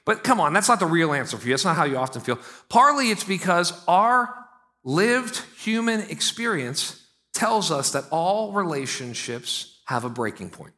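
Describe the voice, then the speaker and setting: A man preaching a sermon in an animated, conversational way, with frequent asides to the congregation. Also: fairly high pitch, normal speed. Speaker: pastor.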